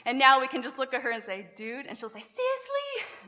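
A woman pastor preaching a lively sermon, often laughing and acting out the people she quotes. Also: fairly high pitch, fast. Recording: dull sound with long hall reverb.

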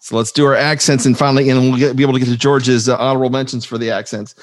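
A man co-hosting a casual film podcast, animated and laughing often. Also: mid-range voice, very fast, no room sound, clean studio sound. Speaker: podcast co-host. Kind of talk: casual chat.

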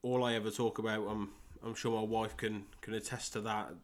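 A young man with a West Midlands English accent, hosting a solo soccer podcast and talking in a halting way with many fillers and repeated words. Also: on the low side, level tone. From England. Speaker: podcast host and soccer coach.

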